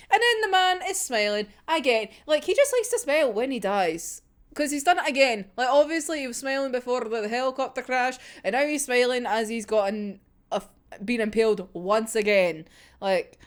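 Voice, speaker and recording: A young woman reacting to a manga chapter in casual, sweary talk, laughing often. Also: high-pitched. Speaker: manga reaction video host.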